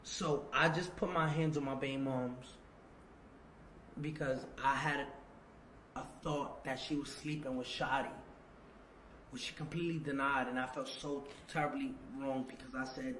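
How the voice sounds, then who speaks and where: A man telling a long story as an interview guest, animated and repeating words as he acts out what people said. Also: mid-range voice, moderate pace. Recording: echoey room with faint noise.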